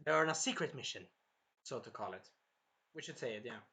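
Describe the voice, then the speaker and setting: A man's voice: medium pitch, expressive, brisk, pushed and bright, husky. A man reviewing an anime episode in a casual, rambling recap full of fillers, sounding a bit tired. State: tired, clearing his throat.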